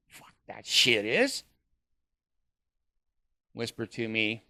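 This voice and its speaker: A man's voice: medium pitch, slow, pauses often, bright, forceful tone, dry recording, clean studio sound. A man vlogging in a rambling, hesitant way, full of fillers and casual swearing.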